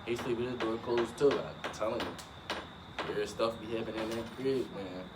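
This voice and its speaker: A man's voice: mid-range voice, normal speed, far from the mic. A man co-hosting a casual video, telling a story in slang and saying "bro" a lot. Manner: slangy, says "bro" constantly, animated retelling. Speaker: channel co-host. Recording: roomy, from off-mic, noisy.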